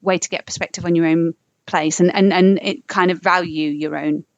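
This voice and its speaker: A woman's voice: fairly low pitch, fairly even intonation, no echo, lo-fi sound. A woman with a southern English accent, a singer chatting as a podcast guest in a bubbly, rambling way. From England, London. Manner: bubbly, rambling, quick asides. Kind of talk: casual podcast chat.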